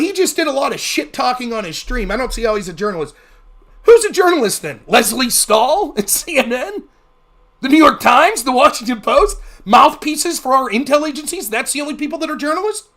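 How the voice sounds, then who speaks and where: A man's voice: extremely high pitch, fairly bright tone. A man hosting a livestream, giving heated, sarcastic, profane political commentary. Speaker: livestream host.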